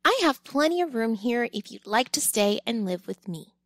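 A woman's voice: fairly high pitch, very animated, moderate pace, dry recording. A woman voicing a kind, cheerful middle-aged food cart man in a storybook reading, friendly and generous.

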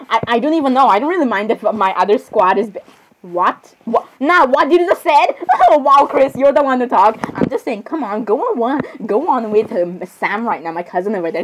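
Excitable woman, lively high voice. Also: moderate pace, slight background noise, poor audio. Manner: excitable, giggly, full of exclamations. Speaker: video creator reacting to drawings. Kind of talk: casual reaction commentary.

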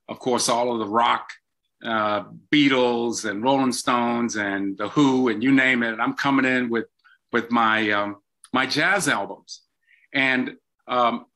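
An older man, a guest in an interview, telling stories from his life in an animated way with frequent ums. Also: mid-range voice. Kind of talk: storytelling in an interview.

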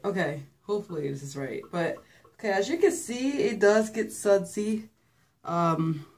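A young woman talking casually and rambling through a hair-washing vlog. She is filming herself with a handheld phone in a bathroom at home and is a little out of breath. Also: medium pitch. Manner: chatty, rambling, filler-heavy. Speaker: hair vlogger. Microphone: phone held by hand.

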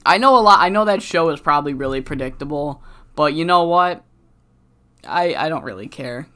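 A man's voice: a little high, animated, moderate pace, sharp tone, smooth. A man commentating on his game in a rambling, profane casual style, his voice cracking from being sick. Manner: rambling, profane, many fillers. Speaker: let's-play commentator.

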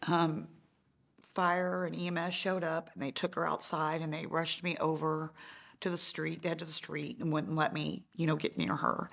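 Brief: middle-aged mother, documentary testimony, low voice with gravelly fry, halting delivery. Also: level tone, a bit bright. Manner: halting, many fillers, voice rising and breaking in grief. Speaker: bereaved mother interviewee.

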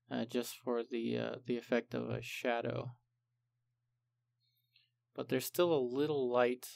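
A man calmly explaining each step of a painting tutorial, unhurried and methodical. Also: medium pitch, gravelly, no room sound. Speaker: art instructor.

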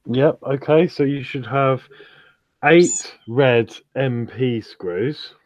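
Slow, matter-of-fact man on dull audio. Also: mid-range voice, a little mellow, dry recording. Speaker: co-host reading out parts and instructions. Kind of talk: reading out a parts list.

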